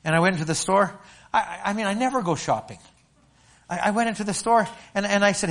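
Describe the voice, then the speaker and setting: An older man from Alberta, Canada, preaching a sermon and telling a story with stammering restarts and animated storytelling. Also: high-pitched, fast, gravelly. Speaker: pastor.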